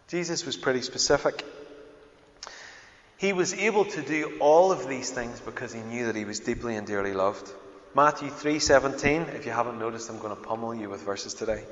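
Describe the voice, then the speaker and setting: A middle-aged man with a Northern Irish accent preaching a sermon, shifting between loud emphatic proclaiming and quiet, intimate storytelling. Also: mid-range voice, fairly quick. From Northern Ireland. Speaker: pastor. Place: church hall. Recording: dull, echoey hall recording.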